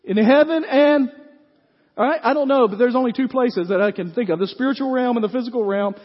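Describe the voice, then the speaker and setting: A middle-aged man delivers a folksy sermon in a high voice. He keeps turning to the congregation with quick questions. The recording is dull and carries a long church reverb. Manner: folksy, talks to the congregation with frequent "right?". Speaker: pastor. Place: church sanctuary.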